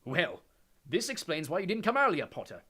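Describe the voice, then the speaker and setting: A man's voice: high voice, very animated, moderate pace, bright, forceful tone, husky, pitched above the performer's own voice, full character voice. A man doing sneering villain Lucius Malfoy. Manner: sneering, menacing, commanding. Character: sneering, cold aristocratic male villain.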